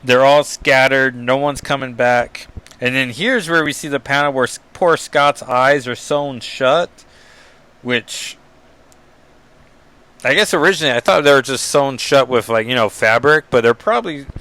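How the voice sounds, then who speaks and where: A man's voice: medium pitch, moderate pace. A man casually recapping a comic book issue, rambling with frequent ums and reading panel text aloud. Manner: rambling, with many ums and asides; reads captions and dialogue aloud in a flat summary voice.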